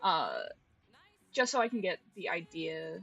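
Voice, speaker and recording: A woman's voice: on the low side, a little slow, a bit bright, breathy edge, faint music behind. A young woman streaming while she draws, chatting casually, swearing freely and laughing often as she talks to her cat. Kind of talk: casual live-stream chat while drawing.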